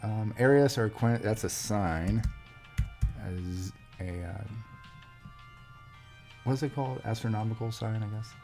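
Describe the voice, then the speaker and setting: Male host, low-ish voice, slow casual puzzle chat with fillers. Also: darkish tone, faint music behind. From USA. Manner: thinking aloud, many fillers and restarts. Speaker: crossword solver host. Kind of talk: casual solo puzzle commentary.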